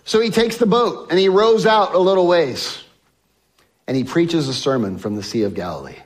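Male pastor, slightly high voice, sermon storytelling with acted-out biblical voices. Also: animated, moderate pace. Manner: swings from loud emphasis to soft hushed lines.

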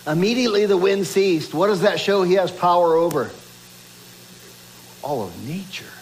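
A man's voice: expressive, normal speed, rough recording. A man preaching a sermon, reading scripture aloud and building emphasis with rhetorical questions. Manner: reads scripture aloud, drops low and quiet for quoted lines. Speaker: pastor.

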